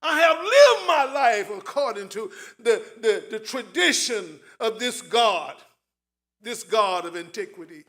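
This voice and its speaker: A grieving righteous old man, Job, pours out his losses, as a preacher takes on his voice. The voice is high and bright, rising into loud cries and falling to near-hushed pleading. He speaks slowly, with wide swings in pitch. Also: sing-song, full character voice. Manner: dramatic first-person lament, swinging from loud to hushed. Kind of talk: dramatic sermon monologue.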